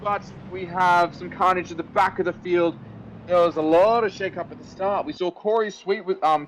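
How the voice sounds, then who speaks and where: A man calling an esports sim race as lead commentator, energetic play-by-play with frequent fillers. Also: a little high, a little hiss or hum, rough recording.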